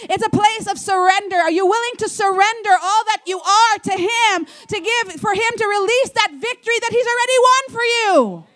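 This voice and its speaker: A woman pastor preaching a sermon in an animated way, acting out quoted voices. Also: very high voice, normal speed, hardly any pauses.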